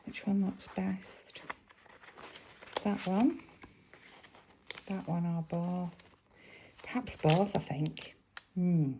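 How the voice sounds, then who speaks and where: A woman's voice: lowish voice, steady tone, extremely slow, long pauses, noisy background. A woman with a Lancashire accent chatting casually at her craft table, thinking aloud and asking viewers questions as she works. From England. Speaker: crafting vlogger. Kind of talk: casual chat while crafting.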